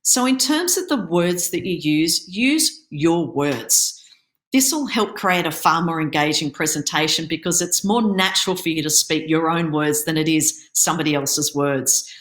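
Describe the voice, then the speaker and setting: Low-pitched woman coaching over video call. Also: lively intonation, normal speed, fairly bright tone, echoey room. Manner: instructive, coaching tone with occasional stumbles. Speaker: startup accelerator program manager giving a pitching workshop. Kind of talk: online presentation.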